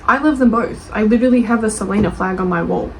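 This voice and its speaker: A young woman reading book reviews aloud and reacting with animated, defensive chat. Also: medium pitch, quick pace, a little hiss or hum, low-quality recording. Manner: animated, gushing, defensive, laughs often.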